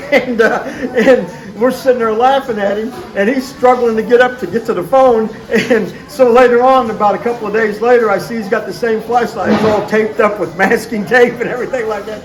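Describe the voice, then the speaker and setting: A man hosting a show, telling rambling family stories and often laughing as he goes. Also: high voice. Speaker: show host. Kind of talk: casual storytelling. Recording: roomy echo.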